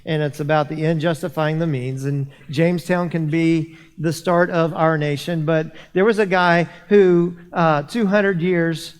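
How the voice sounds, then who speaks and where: A man's voice: on the high side, fairly even intonation, measured pace, hardly any pauses, smooth. A man, preaching a sermon as a pastor, telling a story with many restarts and repeated words. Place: church sanctuary. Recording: long hall reverb.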